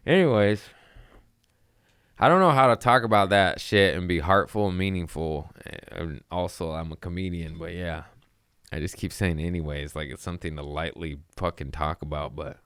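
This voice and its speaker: Low, crisp-voiced profane comedian. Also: male voice, fairly bright tone, no echo, studio quality. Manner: profane, loose, laughs between lines. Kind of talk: casual rambling monologue.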